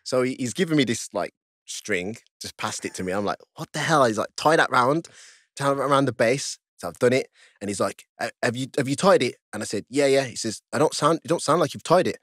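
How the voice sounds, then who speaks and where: A man guest on a podcast, telling a story in casual chat, laughing often and jumping high in pitch as he acts out his own panic. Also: lively intonation, a little fast, a bit bright, dry recording, clean studio sound. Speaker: podcast guest, stripper and fighter.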